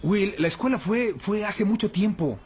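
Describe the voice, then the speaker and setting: A man's voice: sits high, lively intonation, brisk, darkish tone, husky, full character voice. A man dubbing a sitcom character, an adult man still bitter about his school days, with a tense delivery. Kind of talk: Spanish TV sitcom dub. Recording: noisy TV dub clip.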